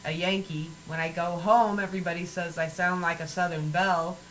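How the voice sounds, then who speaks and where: A joking, animated woman from Missouri co-hosting a chat show. Her voice sits low but sounds bright, with a faint hiss underneath. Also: brisk, poor audio. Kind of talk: casual chat.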